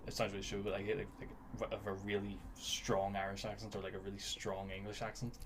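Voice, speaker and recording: A man's voice: lowish voice, completely flat delivery, fairly quick, a crowd in the background. A man chatting casually as a podcast guest who gives blunt, contrary opinions. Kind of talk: casual chat.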